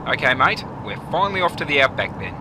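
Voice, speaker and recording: A man's voice: on the high side, sing-song, fast, background noise. A young man with an Australian accent playing an easygoing mate who talks in slang in a comedy sketch. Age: young adult. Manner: broad slang-laden banter. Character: young Aussie bloke Jono, easygoing mate.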